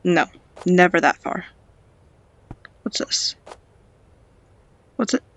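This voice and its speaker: A woman's voice: on the low side, takes it slowly, a bit bright. A woman with a stuffy nose giving casual, playful commentary on a game she is playing at home, talking to the characters and now and then dropping into a whisper. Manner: drops to whispers at times. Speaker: game vlogger. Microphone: cheap home microphone.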